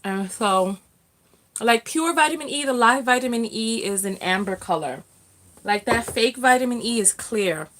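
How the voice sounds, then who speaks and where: A woman's voice: on the high side, animated, moderate pace, fairly bright tone. A middle-aged woman hosting a casual livestream, reading out viewer comments in a chatty way with lots of fillers and restarts. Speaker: livestream host, self-love coach.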